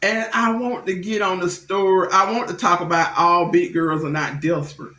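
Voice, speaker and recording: A middle-aged woman telling stories on her vlog in an animated, blunt, slangy way, quick to laugh. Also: fairly low pitch. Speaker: vlogger. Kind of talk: casual storytelling. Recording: echoey room.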